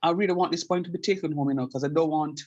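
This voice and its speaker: Husky-voiced man teaching calculus. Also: on the high side, racing, lo-fi sound. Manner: repeats key points emphatically and checks understanding. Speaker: calculus lecturer. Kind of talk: classroom math lecture.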